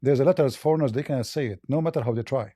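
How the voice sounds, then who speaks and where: A man hosting a live call-in debate, speaking haltingly with repeated words and blunt, probing questions. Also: mid-range voice, mellow, no echo, studio quality. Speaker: debate host.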